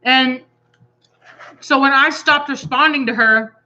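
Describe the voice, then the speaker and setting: Texan woman, breeder co-host, bright voice, rambling storyteller, slightly dull recording. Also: high-pitched, slow pace. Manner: rambling, animated storytelling with quoted asides. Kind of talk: casual chat.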